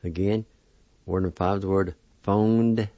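Slow deep-voiced man teaching syllables. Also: fairly even intonation, warm tone, no room sound. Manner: deliberate, spells and sounds out each syllable. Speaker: language teacher. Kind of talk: slow syllable-by-syllable language lesson. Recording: dull lo-fi recording.

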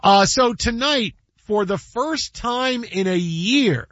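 A man co-hosting a casual sports talk show, animated and joking, jumping between tangents. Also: sits high, slow, dry recording, muffled recording. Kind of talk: casual sports radio chat.

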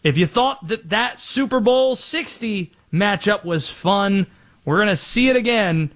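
A man's voice: sits high, animated, measured pace, fairly bright tone. A man hosting a sports talk show, laying out the schedule news and pushing back confidently in debate.

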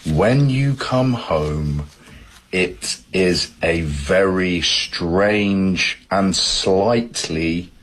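A young British man with a husky voice, sharing an earnest personal video message. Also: deep voice, extremely slow, fairly bright tone. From United Kingdom. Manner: earnest and confessional, stretched-out emphatic phrasing.

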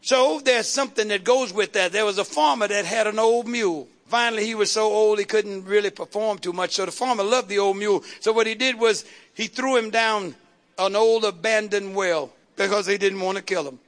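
A man's voice: high-pitched, moderate pace, fairly bright tone. A man preaching a sermon, calling out to the congregation and building up rhythmic repeated lines. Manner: call-and-response preaching, rhythmic repetition. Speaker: pastor.

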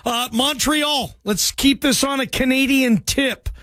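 A man hosting a sports call-in radio show, energetic and jokey with loose banter. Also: extremely high pitch, unhurried, dry recording. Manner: energetic, loose, jokey, calls callers bro.

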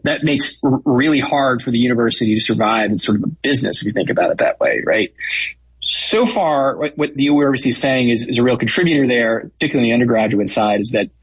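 A man's voice: mid-range voice, breathy edge, no room sound, poor audio. A man who founded a news outlet, giving casual news analysis as a guest with frequent fillers.

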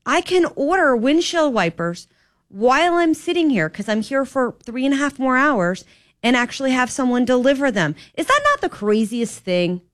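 A woman filling in as a talk radio host, chatting in an opinionated, animated monologue that climbs to emphatic indignation. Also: high-pitched, normal speed, no room sound, clean studio sound. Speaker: fill-in radio show host.

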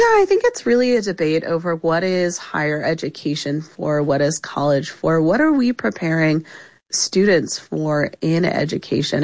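A woman's voice: sits low, creaky, no room sound. A woman reporter explaining policy in a radio interview, with frequent "you know" fillers. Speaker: education reporter.

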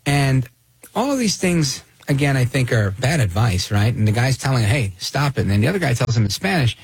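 Raspy guy ranting on talk radio, bouncy pitch, dry close sound. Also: a little fast, dry recording. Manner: animated, sardonic, plays clips and reacts. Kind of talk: opinionated talk radio monologue.

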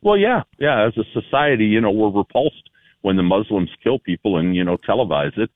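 A man's voice: fairly low pitch, animated, fairly quick, no room sound. A man calling in to a talk radio show, talking heatedly with a sarcastic edge. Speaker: caller. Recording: phone line.

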